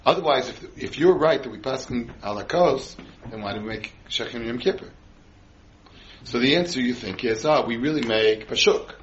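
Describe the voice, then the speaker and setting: A man's voice: medium pitch, lively intonation, normal speed, lo-fi sound, slight background noise. A man teaching a Torah class to a group, often quizzing his listeners with questions and answering them himself. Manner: quizzes the audience with frequent questions.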